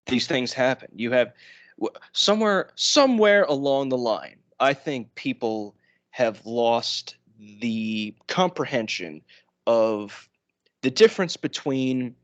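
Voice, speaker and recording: A man's voice: mid-range voice, a bit bright, no room sound. Young new york guy on a podcast, rambly, restarts a lot, dry jokes. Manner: rambling, self-correcting, wry asides. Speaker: podcast co-host. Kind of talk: casual chat.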